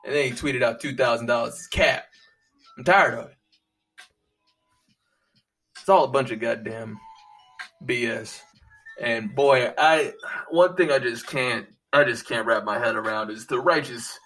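A commentator delivers a profane political rant, swinging from low muttering to loud, high-pitched outbursts. He sounds a bit far from the mic, and faint music plays behind him.

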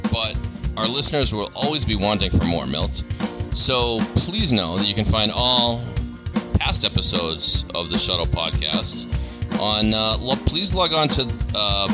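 A middle-aged man from Boston with a Boston accent, co-hosting a casual podcast chat in a jokey, animated way. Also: fairly low pitch, unhurried, over loud music. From Boston area. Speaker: podcast co-host.

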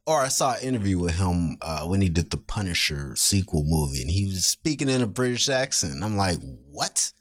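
A man's voice: low-pitched, sing-song, brisk, few pauses, slight background noise. A man hosting a casual TV review chat, talking enthusiastically and rambling with restarts. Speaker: podcast host.

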